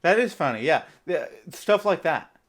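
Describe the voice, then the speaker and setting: A man's voice: fairly high pitch, expressive, normal speed, a bit bright. A young man hosting a podcast in casual chat, rambling with lots of filler words and frequent laughter. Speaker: podcast host.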